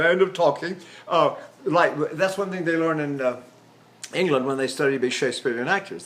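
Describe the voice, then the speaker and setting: A man's voice: fairly high pitch, fairly quick, fairly bright tone. An older male voice teacher giving a rambling lecture on vocal technique, breaking into demonstrations and sung vowels.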